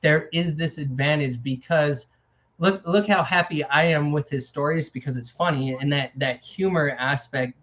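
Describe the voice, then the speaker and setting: A man's voice: a little high, normal speed, a bit bright. A man hosting a casual talk show, rambling with many restarts and acting out little quotes. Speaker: podcast host. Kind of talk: casual chat.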